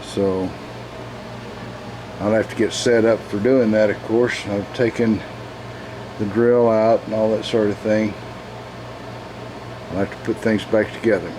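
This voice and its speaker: A man narrating his metalworking project in a home workshop, slow and plain-spoken. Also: lowish voice, fairly even intonation, background noise. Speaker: hobby metalworker.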